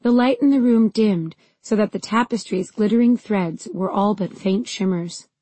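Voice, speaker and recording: Mellow, husky woman narrating a fantasy audiobook. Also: medium pitch, normal speed, no room sound, poor audio. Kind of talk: scripted first-person fantasy narration.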